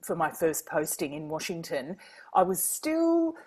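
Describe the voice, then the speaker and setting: An Australian woman from Queensland, a guest author telling lively stories, laughing often and acting out quoted dialogue. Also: on the low side, unhurried, breathy edge. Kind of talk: casual storytelling.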